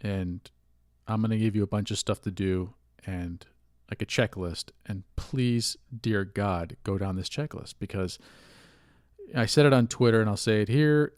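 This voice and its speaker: A man's voice: fairly low pitch, a little mellow, no echo, clean studio sound. A man hosting a solo podcast, rambling in a candid, rueful way with a stuffy, sniffly nose from allergies. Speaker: podcast host. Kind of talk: casual solo podcast monologue.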